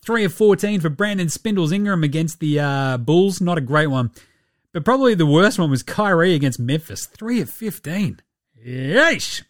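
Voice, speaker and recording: A man's voice: fairly high pitch, lively intonation, moderate pace, no echo, clean studio sound. A man hosting a basketball podcast, ranting with heavy swearing and putting on mock voices. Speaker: podcast host. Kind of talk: profane basketball commentary podcast.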